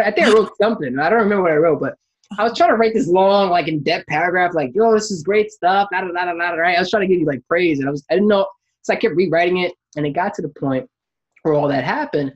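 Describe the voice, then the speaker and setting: A man telling a story in a casual chat, animated and acting out what people said. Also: sits high, breathy edge. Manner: animated storyteller, acts out quotes, laughs while telling. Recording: dull lo-fi sound.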